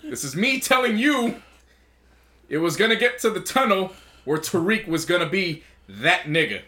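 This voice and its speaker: A man co-hosting a podcast in casual chat, excitable, laughing and quoting people in voices. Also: sits high, moderate pace. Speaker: podcast co-host.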